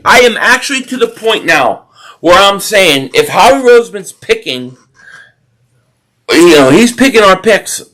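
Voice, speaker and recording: A man hosts a casual football watch-party stream. His voice sits high for a man. He rambles through viewer comments and game reactions, often restarting his sentences. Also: a bit bright, low-quality recording.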